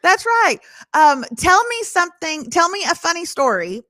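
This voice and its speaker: A woman's voice: extremely high pitch, sing-song, moderate pace, sharp tone, a little hiss or hum. A woman in her forties talking candidly in a casual conversation, easily breaking into laughter. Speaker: podcast host.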